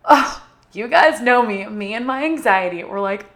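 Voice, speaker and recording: A woman's voice: on the high side, animated, moderate pace, fairly bright tone. A young woman casually telling a personal story to her viewers, bubbly and chatty, with lots of "like" fillers. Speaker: vlogger.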